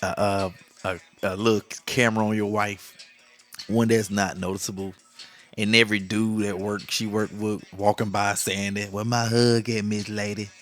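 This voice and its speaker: A man's voice: fairly low pitch, little pitch movement, normal speed, a bit bright, faint music behind. A middle-aged man hosts a casual monologue, joking, laughing often and acting out the lines he quotes. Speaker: podcast host.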